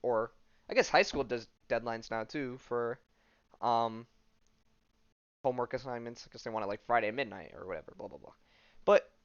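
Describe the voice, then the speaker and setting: A man's voice: medium pitch, moderate pace, long pauses, smooth, no room sound, lo-fi sound. A man hosting a podcast, casually recapping a comic book in a loose, rambling way with lots of fillers. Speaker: podcast host.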